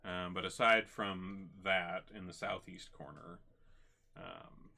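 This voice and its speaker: A man runs a tabletop game, describing each scene for his players. He talks slowly and haltingly, restarting phrases and filling gaps with ums. His voice sits a little low but sounds bright. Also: gravelly. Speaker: game master.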